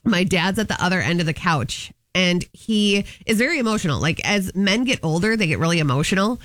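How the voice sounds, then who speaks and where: A woman's voice: fairly low pitch, lively intonation, fairly quick, fairly bright tone, no echo. Brief: woman co-host, casual storyteller who laughs a lot, dry close sound. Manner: chatty storyteller, laughs often. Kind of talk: casual chat.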